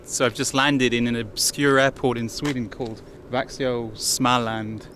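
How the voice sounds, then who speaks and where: A man's voice: mid-range voice, fairly even intonation, unhurried, fairly bright tone, faint music behind. An English man hosting a casual travel vlog outdoors. He talks to the viewers directly in a chatty, rambling way. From England. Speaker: travel vlogger. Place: outdoors in a town and on a bus.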